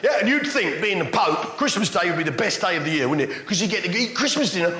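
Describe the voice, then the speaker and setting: A man's voice: sits high, lively intonation, quick pace. A man doing stand-up comedy, bantering crudely with the audience in a brash manner. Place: comedy stage before live audience. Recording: echoey live venue, loud audience.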